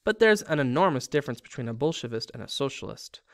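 Prim genteel lady, as a man reads her, raised refined voice, smooth and dry. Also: mid-range voice, sing-song, quick pace, a bit bright, no echo.

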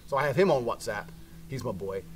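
A man's voice: mid-range voice, animated, a little fast, faint music behind. A man from Britain telling a brash, profane story with heavy emphasis.

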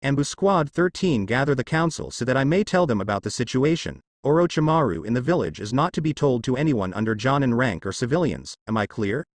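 A man's voice: mid-range voice, sing-song, a little fast, hardly any pauses, no room sound. A man voicing an older village leader who speaks with stern authority. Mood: commanding. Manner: authoritative, commanding.

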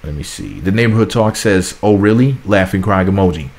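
Low-voiced chatty man reading gossip. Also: lively intonation, fairly quick, a little mellow. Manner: chatty and sassy, laughing at his own asides. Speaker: gossip channel host. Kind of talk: casual celebrity gossip commentary, reading comments aloud.

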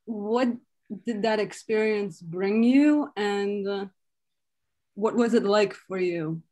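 A woman in the audience asks her question over a video call, speaking slowly. Her sentences are measured and broken by pauses and an "uh.". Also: mid-range voice, warm tone. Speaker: audience member asking a question.

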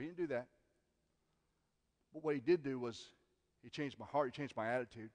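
A man preaching a sermon as pastor, earnest, moving from loud emphasis to hushed asides. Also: a little high, fairly quick, pauses often. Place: church sanctuary. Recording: long church hall reverb.

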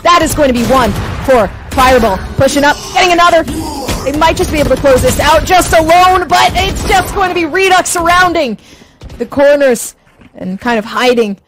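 A woman's voice: high-pitched, expressive, normal speed, rough recording. A woman casting an esports match live, often stammering and repeating her words. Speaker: esports caster. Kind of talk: live play-by-play commentary. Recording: clear background noise.

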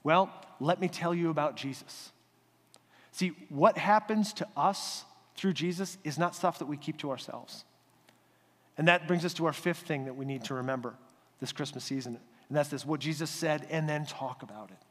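A male pastor giving a conversational, animated sermon in a church sanctuary. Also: a little high, normal speed, big-room sound.

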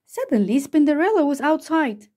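A woman reading a children's picture book aloud, telling the story slowly and expressively. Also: sits high, sing-song, warm tone. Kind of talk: children's read-aloud narration.

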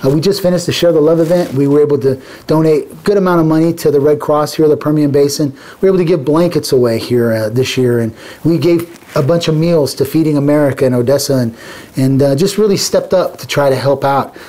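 A man pitching used cars at a dealership lot, with hyped, rapid price countdowns. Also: dark tone. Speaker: car dealership salesman. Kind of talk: energetic sales pitch.

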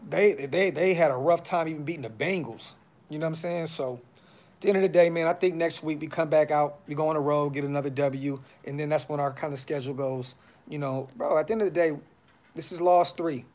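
A man's voice: a little high, darkish tone. A man hosting a fan podcast, talking casually on a live stream with frustration, blunt slang and lots of repeats. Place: brother's house.

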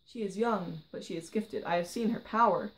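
A woman reading the lines of a kind, worried man who looks after a gifted girl, softly and gently. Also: medium pitch, moderate pace, lightly acted, low-quality recording. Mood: gentle. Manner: soft, gentle, hushed delivery.

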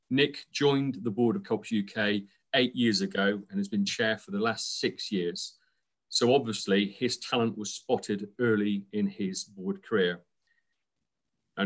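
A man, the incoming board chair, giving an earnest tribute speech in an online meeting, with frequent fillers. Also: fairly low pitch.

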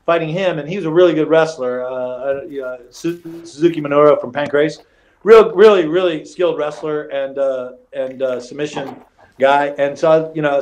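Middle-aged guy on a podcast, kinda high voice, laughs while telling his stories, lots of restarts. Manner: animated storyteller, laughs through anecdotes, many restarts. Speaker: former fighter, podcast guest. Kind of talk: casual storytelling interview.

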